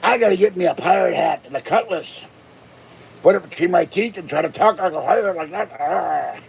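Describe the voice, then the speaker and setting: A man's voice: high-pitched, brisk, vocal fry, a little hiss or hum. Chuckly older man spinning jokes. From Pittsburgh, USA. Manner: joking, chuckling, tall tales. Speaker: channel host. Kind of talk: rambling casual monologue.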